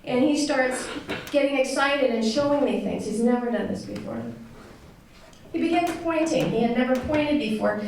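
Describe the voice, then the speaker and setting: Woman, warm conversational storyteller with lots of fillers, picked up from afar in a reverberant hall. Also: high voice, moderate pace. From United States. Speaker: speaker telling a personal story to an audience. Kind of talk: personal storytelling talk. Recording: echoey room, voice picked up from a distance with some noise.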